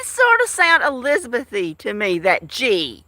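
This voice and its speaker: A woman's voice: on the high side, wildly swooping pitch, a little slow, sharp tone, dry recording. A woman in her fifties, chatting casually to viewers of her live stream in a rambling, talkative way. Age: 50s. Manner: rambling, chatty, with frequent restarts and laughs.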